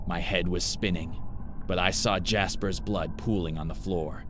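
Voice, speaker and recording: A man narrating a first-person horror story in a grim, measured way. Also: deep voice, fairly even intonation, over music.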